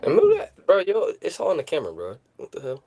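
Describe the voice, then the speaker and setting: A man's voice: high voice, huge pitch swings, fast talker, creaky, dark tone. A man co-hosting a podcast, joking around with blunt reactions. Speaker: podcast co-host. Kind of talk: casual banter.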